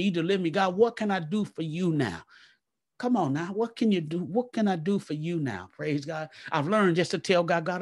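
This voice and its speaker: A man preaching a live church sermon, fervent and repetitive, praying aloud between points and swinging from a low murmur to loud exclaims. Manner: fervent, repeats "come on now" and "glory to God". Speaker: pastor.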